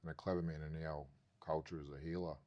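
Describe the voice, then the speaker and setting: A man's voice: a bass voice, flat delivery, fast, mellow, highs cut off. An Australian man, a podcast guest, telling a story in casual, rambling talk and swearing constantly.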